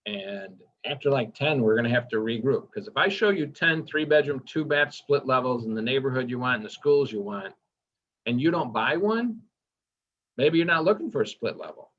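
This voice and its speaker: A man's voice: medium pitch, expressive, moderate pace, fairly bright tone, slight background noise. A man giving a casual training lecture, enthusiastic and chatty, asking the class questions as he goes. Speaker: workshop instructor. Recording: dull lo-fi recording.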